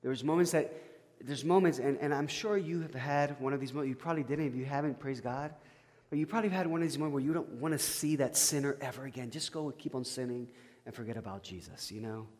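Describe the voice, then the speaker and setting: Storytelling pastor in an echoey church. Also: male voice, medium pitch, fast, few pauses. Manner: conversational, stammering restarts, swings from loud to hushed. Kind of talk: sermon with personal storytelling.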